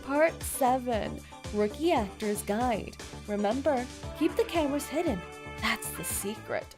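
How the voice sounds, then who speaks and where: A woman streamer reading a game's story aloud and reacting with excitable commentary. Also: on the high side, measured pace, faint music behind. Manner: excitable, reads story text aloud, bursts into loud reactions. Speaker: streamer playing a game.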